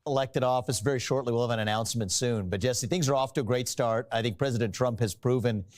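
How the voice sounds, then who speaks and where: A man answering a television interview with smooth, on-message talking points, played back from a broadcast clip. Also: medium pitch, fast. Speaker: politician in a TV interview. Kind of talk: polished political interview answers.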